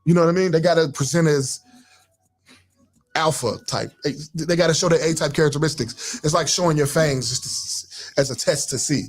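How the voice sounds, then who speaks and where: A man telling stories in casual chat, quick and animated, swearing freely. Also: fairly high pitch. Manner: storytelling with quoted voices, swearing.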